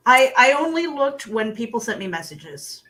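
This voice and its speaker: A woman's voice: a little high, big pitch swings, normal speed, sharp tone. A woman guest in a casual chat, candid and self-deprecating, often laughing as she talks.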